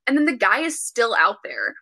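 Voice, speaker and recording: A woman's voice: a little high, huge pitch swings, moderate pace, creaky, pushed and bright, no room sound. A woman in her twenties, a podcast guest, telling a story in casual chat, full of "like" fillers. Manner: chatty, many "like" fillers.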